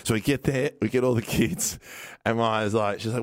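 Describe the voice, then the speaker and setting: A man's voice: lowish voice, a little fast, no echo, studio quality. A man in his thirties with an Australian accent, chatting casually as a podcast host and telling rambling stories full of fillers. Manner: rambling storyteller, many fillers. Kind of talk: casual chat.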